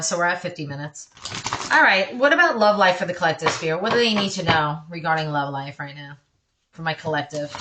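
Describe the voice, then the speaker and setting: A woman's voice: sits low, background noise. A woman doing a casual tarot reading for her viewers, chatty and reassuring, breaking off often for apologetic asides. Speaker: tarot card reader.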